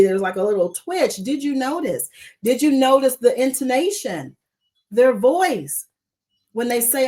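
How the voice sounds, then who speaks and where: A woman hosting a weekly live coaching talk, speaking in an expressive, emphatic way and repeating key words. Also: on the high side, normal speed. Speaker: coach trainer, host of a weekly live show.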